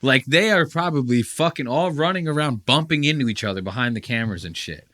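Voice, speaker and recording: A man's voice: medium pitch, brisk, dry recording. A man hosting a podcast in casual reaction chat, swearing freely and acting out quotes with mocking impressions. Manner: animated, swears a lot, does mocking impressions. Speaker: podcast host.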